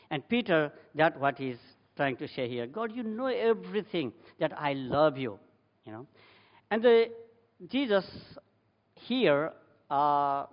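Guy preaching, says you know a lot, kinda muffled, echoey hall. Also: fairly high pitch. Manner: emphatic with rising bursts, many "you know" fillers. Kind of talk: sermon. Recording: dull sound with long hall reverb.

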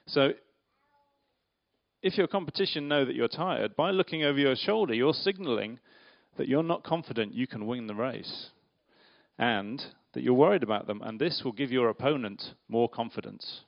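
Male preacher, playful and interactive with the room, mid-pitched voice on a dull, muffled recording. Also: moderate pace, vocal fry. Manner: lively, questions the audience, playful. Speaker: preacher giving a children's talk. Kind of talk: interactive church talk with slides and volunteers. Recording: dull lo-fi sound.

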